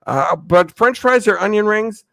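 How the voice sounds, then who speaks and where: A man's voice: sits high, animated, a little slow, gravelly, a bit bright, no room sound, low-quality recording. A man hosting a live stream, answering chat questions in a chatty way, laughing often and losing his train of thought. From United States. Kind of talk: casual chat.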